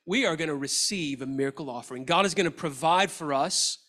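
A male pastor preaching a sermon to a church audience, animated and acting out the lines of Bible characters. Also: a little high, a little fast. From Australia. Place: church hall.

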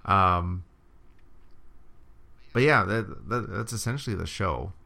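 A man chatting casually as a co-vlogger, easygoing and explaining with halting restarts. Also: deep voice, gravelly, sharp tone. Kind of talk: casual chat.

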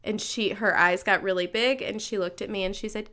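In a steady, fairly quick voice of medium pitch, pushed and bright, a thirtysomething woman co-hosting a podcast shares a personal story conversationally. Whenever she quotes someone, she acts out their voice.

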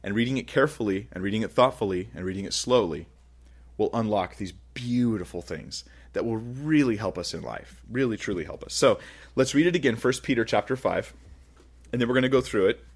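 A man preaching a sermon, teaching verse by verse from scripture with animated, rising and falling emphasis. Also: on the low side, brisk, slightly rough. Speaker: pastor.

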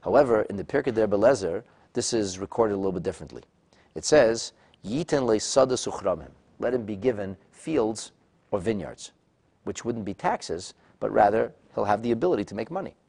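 A man with a fairly low voice delivers a text-study lecture. He talks animatedly, often restarting and repeating words, and breaks into loud, dramatic bursts when he voices the people he quotes. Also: animated, a little fast, creaky. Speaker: Torah teacher.

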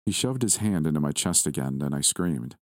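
Deep-voiced man narrating a horror story. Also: expressive, brisk, no room sound, clean studio sound. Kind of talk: scripted first-person horror narration.

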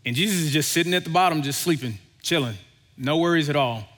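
A male pastor preaching a sermon, with relaxed, conversational delivery and animated storytelling. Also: on the high side, quick pace. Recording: long hall reverb.

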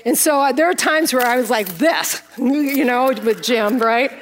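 A middle-aged woman pastor preaches a playful, storytelling sermon. Her voice sits a little high, and she jokes and laughs at her own props as she goes. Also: a little slow, a little hiss or hum. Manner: playful, animated, laughs at herself.

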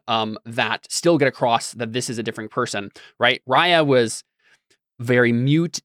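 A man talking through ideas in a relaxed podcast conversation, pausing on ums and restarting his sentences as he thinks. His voice sits at an ordinary middle pitch, recorded close and dry. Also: no room sound. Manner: thoughtful, lots of ums and restarts, explaining. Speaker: podcast guest. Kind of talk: casual chat.

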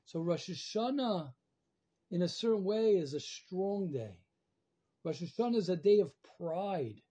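Guy giving a story sermon, high-ish husky voice, gets loud then goes soft. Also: muffled recording. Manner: repeats phrases for emphasis. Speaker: rabbi teaching alumni.

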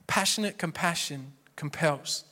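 A pastor preaching a sermon in a church, passionate and emphatic, with repeated refrains. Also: male voice, fairly high pitch, unhurried, sharp tone. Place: church auditorium. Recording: echoey hall reverb.

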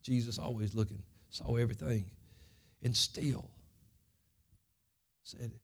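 A man's voice: medium pitch, steady tone, takes it slowly, creaky, breathy edge. A man preaching a Sunday school lesson, telling his own testimony in folksy, earnest, plain country speech. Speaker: pastor.

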